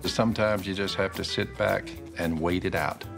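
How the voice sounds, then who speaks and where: A man's voice: low-pitched, fairly even intonation, moderate pace, gravelly. A man, folksy and drawling as he hands out homespun wisdom. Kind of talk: reality show banter and confessional. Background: music, guitar.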